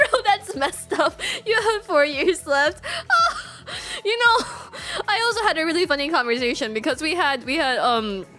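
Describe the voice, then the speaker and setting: A woman's voice: high-pitched, moderate pace, soft background music. A woman in her mid-twenties chatting casually on a gaming stream, telling stories with lots of giggles. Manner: giggly, animated storytelling.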